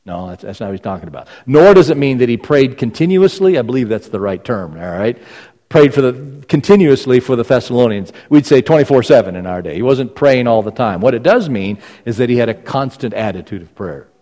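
A man's voice: mid-range voice, lively intonation, fairly quick, mellow. A man preaching a sermon as pastor, emphatic and repeating phrases for stress. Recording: long reverb of a large hall.

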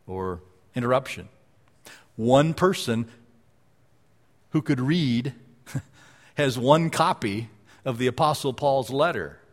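A male preacher giving a sermon and reading scripture aloud, repeating key phrases with emphasis and dropping to a hush at times. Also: medium pitch. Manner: repetitive emphatic phrasing, swings between loud and hushed. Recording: long hall reverb.

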